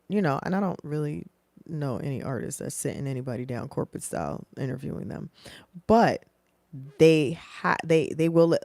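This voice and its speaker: A woman in her thirties, a professional singer, giving casual, animated career advice to camera. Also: deep voice, quick pace, no room sound, studio quality. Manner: animated, acts out dialogue in changed voices.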